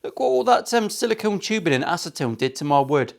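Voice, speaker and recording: A man's voice: a little high, very animated, brisk, creaky. A man building a guitar in his workshop, talking casually to camera with cheeky banter, plenty of swearing and jokey asides. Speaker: luthier.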